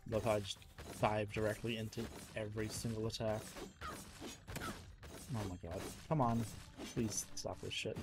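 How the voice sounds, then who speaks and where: A young man streaming a game live, exasperated and swearing as he reacts loudly to each attack. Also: lowish voice, a little slow, long pauses, noisy background. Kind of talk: live gameplay commentary.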